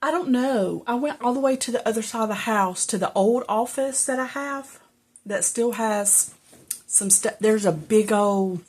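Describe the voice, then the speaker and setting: A woman's voice: on the high side, unhurried, a little mellow, breathy edge. A middle-aged woman, out of breath and rambling as she chats to viewers while crafting at home. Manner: rambling and chatty, self-talk while working. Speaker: crafting vlogger. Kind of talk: casual chat while crafting. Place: home craft room, indoors.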